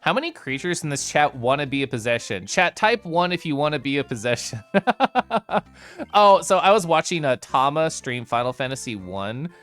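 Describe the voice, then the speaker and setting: Lively, giggly male streamer, faint music in the background. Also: medium pitch. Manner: bubbly, giggly, chatting with viewers. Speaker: game streamer. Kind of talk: casual live-stream chat.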